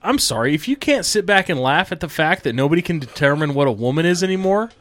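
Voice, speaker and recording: A man in casual chat, blunt and animated, often laughing as he tells a story. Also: fairly high pitch, fast talker. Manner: animated, blunt, laughs while telling stories.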